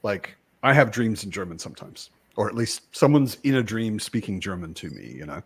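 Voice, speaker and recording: Man, American-born host, casual live chat, lively swinging pitch, animated. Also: a little fast, vocal fry, slightly rough. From United States. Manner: animated, chatty, frequent restarts.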